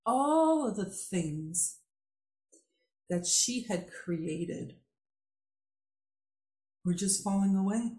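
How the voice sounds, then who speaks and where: A woman hosting a podcast, telling a story in a heartfelt, drawn-out way. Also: mid-range voice, big pitch swings, a little mellow. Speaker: podcast host. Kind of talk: conversational interview. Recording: echoey room.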